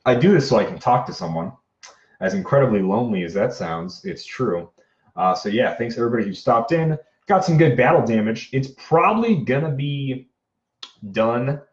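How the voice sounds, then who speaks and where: A man hosting a prop-making livestream, chatting casually in a low-key, self-described monotone as he works. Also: normal speed. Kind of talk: casual livestream chat while crafting. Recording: roomy, dull lo-fi sound.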